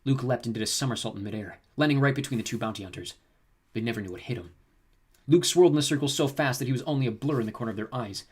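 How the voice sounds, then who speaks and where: A man narrating a sci-fi audiobook in a brisk storytelling manner. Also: mid-range voice, husky. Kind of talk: scripted narration.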